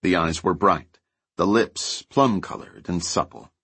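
Low husky male audiobook narrator. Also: measured pace, no room sound. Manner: lively storytelling, voices characters lightly. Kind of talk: scripted narration.

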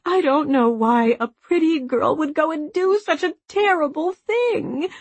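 A woman voicing a weepy, mournful middle-aged mother, high and wailing in an audiobook. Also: a little slow, darkish tone, slightly rough, no echo.

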